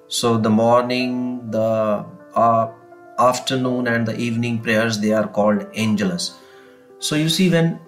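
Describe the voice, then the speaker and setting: A man explaining a textbook chapter to students, reading passages and then going over them, often saying "you see" and "kindly note down". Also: mid-range voice. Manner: slow, repeats and rephrases, fillers, "you see" and "kindly note down". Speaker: English teacher. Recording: faint guitar music behind.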